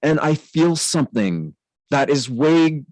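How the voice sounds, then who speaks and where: A man imitating a hardened adult male prison inmate who speaks in rough, halting slang. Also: sing-song, darkish tone, no echo. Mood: amazed. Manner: raised pitch, slangy and halting.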